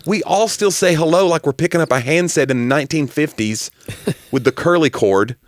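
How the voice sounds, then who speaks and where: A man's voice: fairly high pitch, fairly quick, no echo, clean studio sound. A man with a mild Southern US accent, a comedian co-hosting a podcast in casual chat, ranting with rising emphasis. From Southern United States. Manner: animated, rants with rising emphasis.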